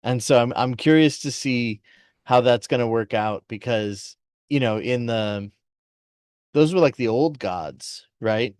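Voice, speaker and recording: A man's voice: medium pitch, measured pace, darkish tone, clean tone, no echo, clean studio sound. A man co-hosting a podcast, chatting enthusiastically about a TV series. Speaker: podcast co-host. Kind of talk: casual chat recapping a TV series.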